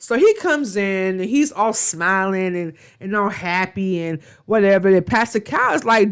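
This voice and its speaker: A woman's voice: medium pitch, animated, moderate pace, hardly any pauses, clear, resonant tone. A woman reviewing a reality show in a casual, gossipy vlog, blunt and profane with rambling asides.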